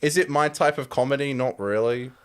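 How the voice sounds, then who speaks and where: A man's voice: medium pitch, brisk, clear, resonant tone, faint music behind. An Australian man co-hosting a podcast, chatting loosely and joking while reacting to clips. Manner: loose, joking, talks over his co-host. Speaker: podcast co-host. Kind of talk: casual chat reacting to clips.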